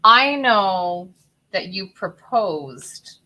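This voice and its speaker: A woman's voice: mid-range voice, expressive, extremely slow, pushed and bright, low-quality recording. A woman hosting a casual interview, upbeat and encouraging as she asks questions. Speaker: podcast host.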